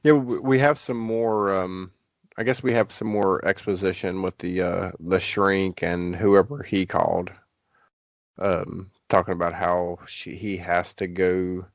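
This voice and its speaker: Male podcast host, very low pitch, dry dull sound, rambling recap delivery. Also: steady tone, unhurried, no room sound. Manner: rambling recap with frequent fillers and hedges. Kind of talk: casual movie discussion.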